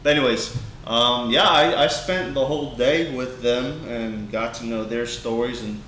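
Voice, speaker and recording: Young guy on a podcast, rambly emotional storyteller, bright voice, kinda echoey room w/ faint hiss. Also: medium pitch, steady tone, a little slow. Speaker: podcast co-host. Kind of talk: casual podcast chat.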